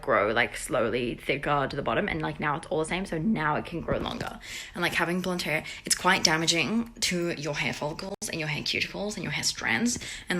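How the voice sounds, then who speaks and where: A woman's voice: on the low side, pushed and bright. A young woman in her late teens chatting casually to a phone camera, bubbly and rambling, filling her talk with "like". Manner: bubbly, rambling, says "like" constantly. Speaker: beauty vlogger.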